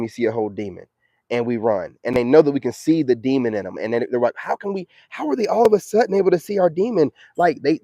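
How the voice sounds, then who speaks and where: A man's voice: mid-range voice, mellow, no room sound. A man hosting a live stream, talking in a slangy, preachy, emphatic way in a casual monologue.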